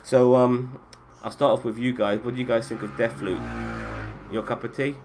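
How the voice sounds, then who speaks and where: A man's voice: medium pitch, steady tone, moderate pace, darkish tone, slight background noise. A man hosting a podcast and running a casual chat about video games, swearing freely and often restarting his sentences. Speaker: podcast host.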